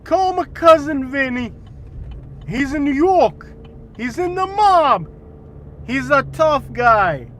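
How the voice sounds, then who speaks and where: A blustering New York mobster type, put on by a man. He is loud and emphatic, keeps hammering the same names, and the voice sits high and pushed. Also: sing-song, slow pace, long pauses, a little hiss or hum, heavily acted. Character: tough-guy male New York mobster.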